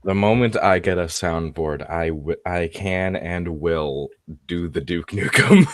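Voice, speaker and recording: A man's voice: low-pitched, takes it slowly, dry recording. A man chatting casually on a gaming stream, laughing often, swearing and tripping over his words. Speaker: player on a tabletop game stream. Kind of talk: casual chat.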